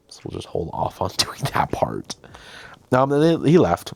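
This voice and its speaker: A man's voice: sits low, expressive, moderate pace, creaky, a little mellow. A young man hosting, casually telling a behind-the-scenes story, chatty and self-deprecating, often quoting himself and others. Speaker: host.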